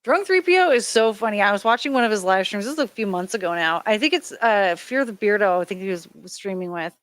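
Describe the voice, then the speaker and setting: A woman's voice: mid-range voice, animated, fast, a bit bright, no room sound. Giggly, enthusiastic woman in casual chat.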